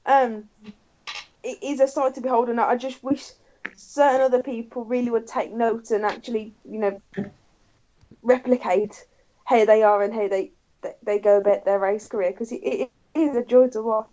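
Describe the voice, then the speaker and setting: A woman's voice: fairly high pitch, moderate pace. Bubbly woman, muffled lo-fi sound. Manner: bubbly, lively, laughing easily. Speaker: podcast co-host. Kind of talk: casual motorsport chat.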